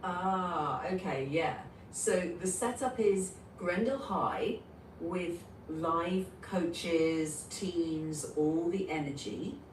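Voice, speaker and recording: A woman improvising and narrating a silly school story in a slow, animated way, heard from a distance in a roomy, noisy space. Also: fairly low pitch. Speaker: story co-writer.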